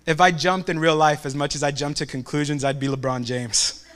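Bright-voiced young man telling a story. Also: on the high side, a little fast. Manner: animated storyteller who acts out family quotes. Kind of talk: devotional talk with a personal story.

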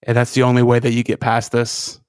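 A man co-hosting a podcast in casual chat, earnest and halting, often restarting his sentences. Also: medium pitch, monotone, darkish tone, clear, resonant tone, no room sound. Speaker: podcast co-host.

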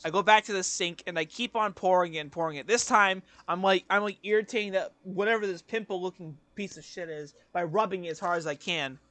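A man's voice: high voice, brisk, hardly any pauses, bright, forceful tone, no echo. A young man co-hosting a podcast, telling a rambling story with casual swearing. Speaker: podcast co-host. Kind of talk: casual chat.

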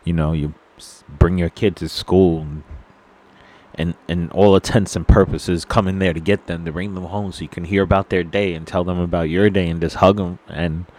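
A man with a very low, deep voice talks straight to his viewers in an unscripted monologue. He is solemn and earnest, and often stops to restart his sentences or reach for words. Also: steady tone, a little mellow, a little hiss or hum. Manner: halting and solemn, with many fillers and restarts; earnest, sorrowful. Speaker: vlogger.

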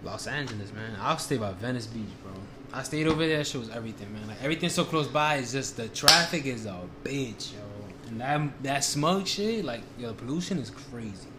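A man's voice: mid-range voice, lively intonation, fairly quick, hardly any pauses, heavy background noise. A young man with a New York accent chatting casually on a podcast, profane and slangy. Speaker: podcast co-host. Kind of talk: casual chat.

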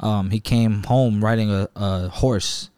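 A man's voice: lowish voice, fairly even intonation, slow, heavy background noise. A man in casual chat, telling a profane story and often adding "bro" and "right?".

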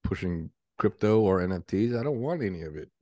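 A man's voice: low voice, lively intonation, a little fast, warm tone, no echo, lo-fi sound. A man co-hosting a podcast in casual chat, speaking bluntly and dismissively. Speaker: podcast co-host.

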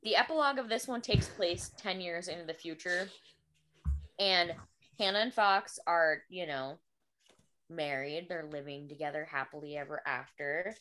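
Woman with a slightly low voice, chatty and excited, book podcast cohost. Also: normal speed. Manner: enthusiastic, frequent "like" fillers. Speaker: podcast co-host. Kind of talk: casual book chat.

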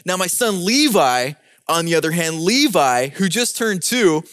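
A man giving a prepared talk, telling an animated story and posing rhetorical questions. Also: high voice, unhurried, smooth, no echo, studio quality. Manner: animated storyteller acting out scenes.

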